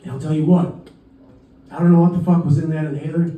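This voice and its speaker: A man's voice: fairly high pitch, steady tone, fast talker, narrow, tinny audio. A young man doing stand-up, telling a profane, laid-back travel story with acted-out quotes. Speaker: stand-up comedian. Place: comedy club stage. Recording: roomy club sound from a distance.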